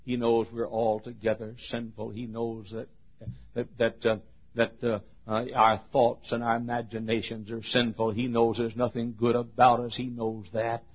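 Man, preacher, folksy sermon, husky, gravelly, dull lo-fi recording. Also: medium pitch, completely flat delivery, normal speed. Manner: folksy, emphatic storytelling.

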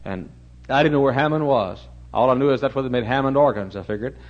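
A man preaching a storytelling sermon in a church, talking animatedly and getting suddenly loud when he acts out shouted commands. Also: mid-range voice, quick pace, muffled recording. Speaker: pastor.

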